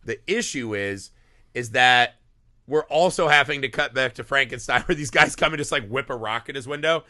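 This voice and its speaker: A man co-hosting a movie podcast, chatting casually and swearing a lot, slipping into quick character impressions. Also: mid-range voice, no room sound, studio quality. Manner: animated, profane, acts out characters in quick impressions. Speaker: podcast co-host. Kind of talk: casual movie-review chat.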